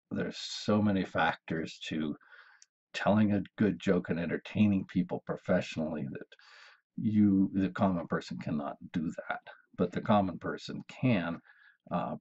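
A man hosting a self-improvement video, telling jokes in a casual, halting way with many fillers and chuckling at his own punchlines. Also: low-pitched, creaky, a little mellow, breathy edge, dull audio.

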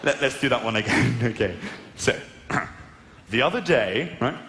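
A young man with a posh southern English accent doing a stand-up set on stage, plummy and self-mocking as he tells animated stories. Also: medium pitch, moderate pace. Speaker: stand-up comedian. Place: large arena stage. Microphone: stage microphone. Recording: echoey arena with crowd noise.

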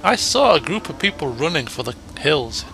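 A man with a gravelly voice giving excitable let's play commentary, dropping to mutters and then bursting into shouts, with game music behind. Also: a little high, moderate pace, slight background noise. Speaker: gamer. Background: game music and sound effects.

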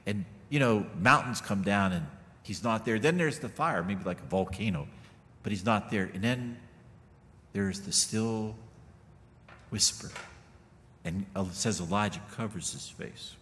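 A man's voice: on the low side, measured pace, pauses often, a bit bright. A middle-aged man preaching a sermon in a casual, folksy way, full of asides to the congregation. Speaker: pastor. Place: church sanctuary. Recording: long reverb of a church hall.

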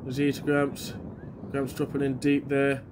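A man from England, a bit under the weather, doing excitable live commentary on an amateur football match outdoors. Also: mid-range voice, unhurried, noisy background. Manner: excitable, shouting at chances, then quiet and matter-of-fact. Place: outdoors at a grassroots pitch.

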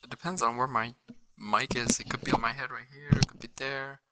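A man's voice: mid-range voice, fairly even intonation, a little fast, heavy background noise. A man chatting casually in gaming voice chat on a headset mic. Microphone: headset mic over voice chat.

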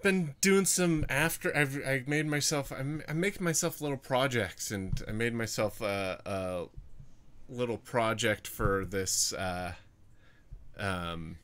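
A man's voice: mid-range voice, slow pace, fairly bright tone, clear, resonant tone. A man co-hosting a stream in casual chat, laid-back and joking. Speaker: stream co-host.

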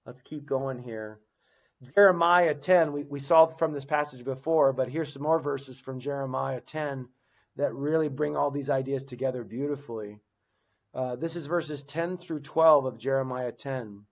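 Speaking at a normal speed in a mid-range voice, a man leads a church Bible class with no script, breaking off to restart phrases and stressing scripture passages as he reads them aloud. The lo-fi sound comes from a battery-powered recording device.

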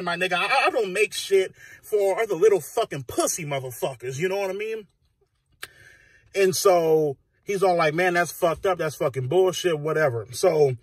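Husky man ranting profanely into a phone. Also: on the high side, no echo. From United States. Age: 30s. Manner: heated, swearing rant with filler phrases. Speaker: vlogger. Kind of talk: profane rant to camera. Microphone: phone recording.

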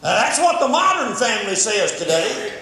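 A man's voice: sits high, big pitch swings, normal speed, creaky, bright, forceful tone. An older man preaching a sermon, telling a story fervently with repeated words. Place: church sanctuary. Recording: very echoey church, faint background noise.

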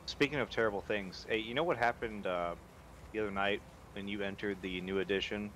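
A man with a lowish voice talks quickly and chattily to friends in a gaming voice chat. Faint background noise sits behind him. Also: fairly bright tone, rough recording. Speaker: co-player on stream.

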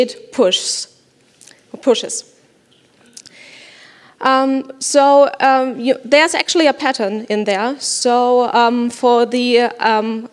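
A woman with a German accent giving a playful, light conference lightning talk, pausing often with ums. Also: on the high side. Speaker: conference speaker. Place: conference hall. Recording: reverberant lecture hall.

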